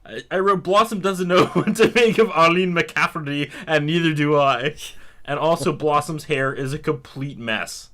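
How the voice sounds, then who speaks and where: A man's voice: fairly high pitch, normal speed. A man co-hosting a podcast in casual chat, joking and laughing often. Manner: animated, laughs often, jokey. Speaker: podcast co-host.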